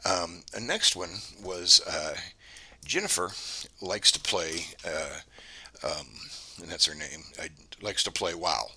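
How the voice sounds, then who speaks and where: A man speaks in a low, husky voice with a sharp, edgy tone. He tells a story to camera in a casual, rambling way, doubling back and restarting his sentences as he goes. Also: very animated, slow. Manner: meandering, conversational, many restarts. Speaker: channel host.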